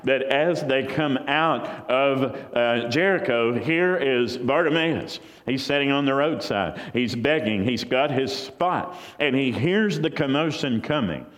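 A man's voice: medium pitch, animated, unhurried, hardly any pauses, fairly bright tone. A man preaching a sermon, telling a story in a conversational way and acting out voices from the crowd. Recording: long hall reverb.

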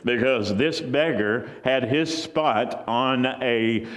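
A man's voice: mid-range voice, takes it slowly, fairly bright tone. A man preaching a sermon, telling a story in a conversational way and acting out voices from the crowd. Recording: long hall reverb.

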